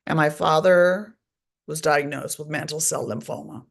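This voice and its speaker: Middle-aged woman, gravelly fry in the voice, blunt, candid, swears freely, conversational storytelling. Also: low voice, moderate pace. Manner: blunt and profane, speaks openly. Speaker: guest author and recovery advocate.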